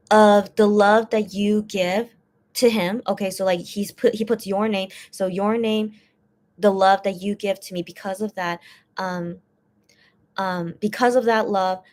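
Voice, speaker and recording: A woman's voice: mid-range voice, darkish tone. A woman hosting a casual stream, translating and explaining posts, talking in a rambling way full of fillers and restarts. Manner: gets teary and emotional while reading. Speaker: fan channel host translating posts. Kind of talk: casual live-stream chat.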